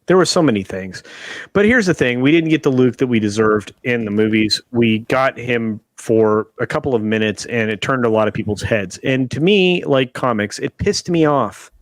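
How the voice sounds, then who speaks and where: A man's voice: mid-range voice, expressive, moderate pace, no room sound. Emphatic man ranting on a livestream. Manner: emphatic, rambling, insistent. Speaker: show host. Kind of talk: casual livestream chat. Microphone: video call webcam.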